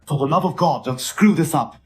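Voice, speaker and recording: A man's voice: on the high side, fairly quick, soft background music, close to an everyday voice. A synthetic male voice with a British accent playing a scheming, posh cartoon baby boy, haughty and exasperated.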